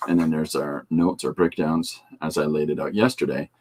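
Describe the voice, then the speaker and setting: A comic artist and podcast host talks at normal speed in a bass voice that is steady, darkish and breathy at the edges. He casually rambles while showing artwork on his show, full of jokes, fillers and asides.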